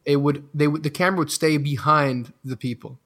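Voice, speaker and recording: Enthusiastic host guy, slightly high voice, keeps restarting sentences. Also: steady tone, brisk, fairly bright tone. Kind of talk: casual interview chat.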